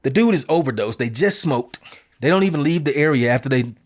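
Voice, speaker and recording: A man's voice: on the high side, animated, fairly quick. A man hosting an opinion commentary show, talking bluntly and emphatically in casual street phrasing. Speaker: show host.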